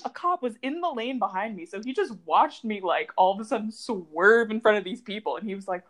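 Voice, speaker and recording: A young woman from the United States co-hosting a podcast in casual chat, telling stories with a lively, animated delivery. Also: a little fast. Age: young adult. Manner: animated storyteller, lively swings in pitch. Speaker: podcast co-host.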